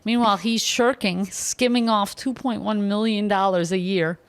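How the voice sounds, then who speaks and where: A young woman hosting a podcast, retelling a story in an animated, exaggerated way with sudden loud outbursts. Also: medium pitch, moderate pace, clean tone. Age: young adult. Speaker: podcast host. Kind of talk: casual comedic storytelling.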